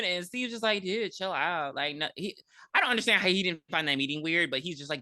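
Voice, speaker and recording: A co-host on a casual movie recap podcast who talks expressively and swears freely, jumping into quick character voices. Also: medium pitch, animated, sharp tone, no echo.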